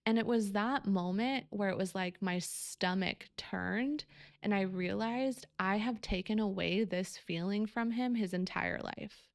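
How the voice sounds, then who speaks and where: Young woman podcast host, candid and emotional, swears freely, some vocal fry, dry close recording. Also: medium pitch, measured pace, dry recording. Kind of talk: personal storytelling.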